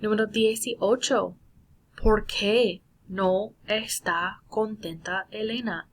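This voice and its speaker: A Spanish teacher walks through a lesson on screen in a screen-recorded walkthrough, keeping it casual and correcting herself as she goes. Her voice is medium-pitched and her pace is slow.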